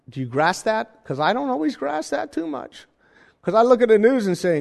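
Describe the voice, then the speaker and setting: A man preaching a sermon in a conversational style, with jokey asides and animated emphasis. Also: very high-pitched, normal speed, gravelly, long reverb tail. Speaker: pastor.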